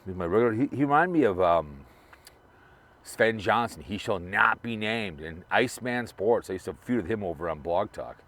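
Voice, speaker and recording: A man's voice: on the low side, expressive, normal speed, a bit bright. A man talking in a loose, rambling way, repeating himself while he drives and remembers a friend. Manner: rambling, repetitive, restarts a lot. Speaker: vlogger remembering a late fellow creator. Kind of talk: casual rambling monologue.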